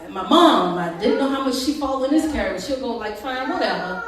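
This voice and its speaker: Woman preacher, high voice, call-and-response sermon, distant mic in a very echoey hall. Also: animated, fairly quick, crowd noise. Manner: call-and-response preaching, swings from quiet to shouting. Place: church hall.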